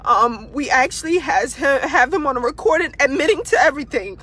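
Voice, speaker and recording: A woman's voice: high voice, animated, fairly quick, bright, forceful tone. A woman making an impassioned, tearful appeal, distraught and pleading, repeating herself over and over. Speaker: family member speaking out. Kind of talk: impassioned direct-to-camera appeal.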